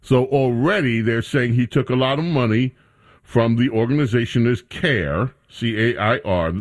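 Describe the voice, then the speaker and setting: A man's voice: medium pitch, moderate pace. A man hosting a talk radio show, bantering with his studio crew in a casual commentary style.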